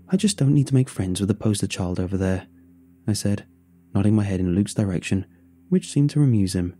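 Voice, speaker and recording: Dark husky male story reader. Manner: reads dialogue in a plain, low-key voice. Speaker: narrator. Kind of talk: first-person story reading.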